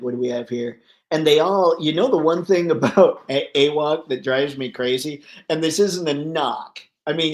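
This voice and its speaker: A man hosting a casual livestream, reading viewer comments aloud and riffing on them, thinking out loud as he browses online listings. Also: on the high side. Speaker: livestream host. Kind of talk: casual live chat.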